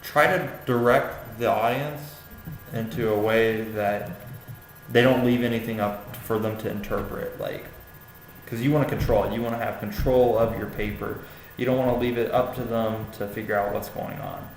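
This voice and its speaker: Young guy giving a classmate paper feedback, lowish voice, lots of ums and likes, echoey room with a faint hum. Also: fairly even intonation, normal speed. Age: young adult. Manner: hesitant, many fillers and restarts. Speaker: student giving peer feedback. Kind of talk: casual spoken critique of a paper.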